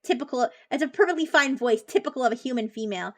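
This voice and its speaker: A man's voice: extremely high pitch, animated, quick pace, fairly bright tone, exaggerated voice. A text-to-speech voice playing a snobbish male robot fish doctor who talks in a pompous, condescending way. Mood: haughty. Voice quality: clipped, haughty, condescending.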